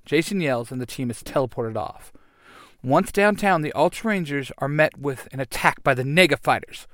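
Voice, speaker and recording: A man narrating an action adventure story in a lively, animated reading. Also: mid-range voice, normal speed, no echo, studio quality.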